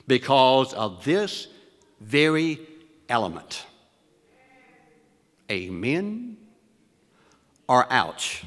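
A male preacher delivering a sermon with deliberate emphasis, questioning the congregation and reading scripture in lifted tones. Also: medium pitch, very animated, a bit bright, long reverb tail. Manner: reads scripture in elevated, rising tones.

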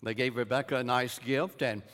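A man preaching a sermon, telling a personal story with dramatic swings and quiet, hushed moments. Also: medium pitch, fairly even intonation, moderate pace. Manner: dramatic storyteller, dropping to a hush in tender moments. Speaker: pastor. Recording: reverberant hall.

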